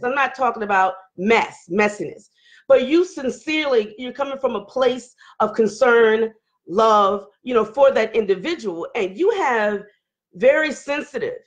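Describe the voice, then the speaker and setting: Hoarse woman hosting a loud live chat. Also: fairly high pitch. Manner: loud, candid, talking through restarts. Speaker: livestream host. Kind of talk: casual live chat reading viewer comments.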